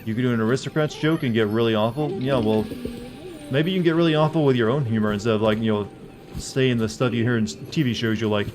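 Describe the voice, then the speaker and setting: A man's voice: medium pitch, quick pace. A man streaming a game live, rambling and teasing as he answers his chat and reads menu text aloud.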